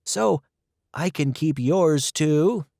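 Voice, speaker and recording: A man doing a gentle country boy. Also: on the high side, expressive, very slow, creaky, no echo, clean studio sound, pitched above the performer's own voice, full character voice.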